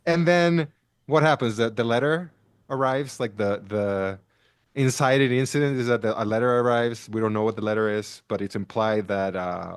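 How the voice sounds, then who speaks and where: A man's voice: medium pitch, normal speed, clean tone, no echo, clean studio sound. Man ranting animatedly about a movie. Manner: animated ranting, frequent restarts. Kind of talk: casual film review chat.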